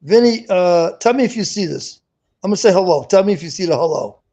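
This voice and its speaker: Talking fast in a warm, high, animated voice, a man runs a casual live stream as its host. He insists on his points, repeats himself, and keeps starting sentences over.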